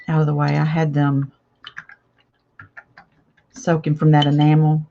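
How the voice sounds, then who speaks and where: A chatty older woman with a drawl talks slowly in a lowish voice while she paints on a live craft stream. She reads viewer comments aloud and laughs easily. The sound is dull and lo-fi. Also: monotone, vocal fry, warm tone, a little hiss or hum. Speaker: craft channel host. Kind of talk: casual live craft chat.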